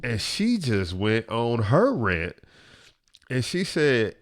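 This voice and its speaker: A man telling a personal story as a motivational speaker, earnest and building from hushed to emphatic. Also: medium pitch, big pitch swings, slow pace.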